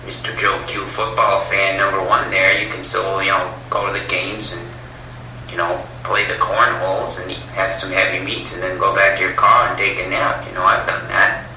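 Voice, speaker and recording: A hesitant, mumbling caller from Wisconsin, put on by a man, rambling on in a low, bright-edged voice. He sounds far from the mic in an echoing room. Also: monotone, normal speed, a little hiss or hum. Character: sleepy male tailgating caller from Wisconsin.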